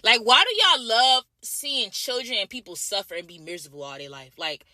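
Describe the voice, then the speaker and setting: A woman's voice: on the high side, big pitch swings, brisk, sharp tone, no room sound. A woman from Jamaica in a casual vlog, ranting bluntly and profanely, repeating her points over and over. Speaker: vlogger.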